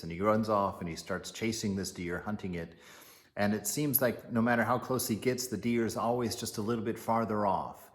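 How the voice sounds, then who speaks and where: A man giving a casual spiritual teaching, retelling a legend as an animated storyteller. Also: lowish voice, normal speed. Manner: animated storyteller, chuckling asides.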